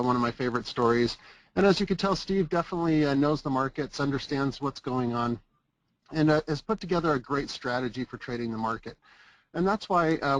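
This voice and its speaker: A man's voice: medium pitch, no echo, rough recording. Man hosting a webinar, many fillers. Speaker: webinar host. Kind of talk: product presentation.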